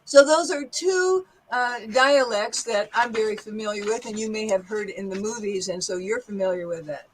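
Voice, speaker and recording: A woman with a General American accent, patiently explaining accents to an online class with clear examples. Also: mid-range voice, moderate pace, few pauses, a little hiss or hum, low-quality recording. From United States. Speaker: guest teacher.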